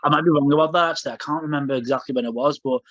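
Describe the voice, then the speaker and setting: A man's voice: fairly high pitch, rapid-fire, no room sound. A man co-hosting a podcast in casual chat, rambling with many fillers and restarts. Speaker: podcast co-host. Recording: dull lo-fi podcast audio.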